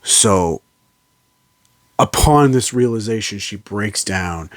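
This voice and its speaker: A man's voice: on the low side, expressive, slow, no room sound. A man casually recapping a film's plot as a reviewer, rambling with lots of fillers and restarts. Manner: rambling, fillers and restarts, slips into quoted lines. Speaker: movie reviewer. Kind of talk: casual spoiler recap of a film.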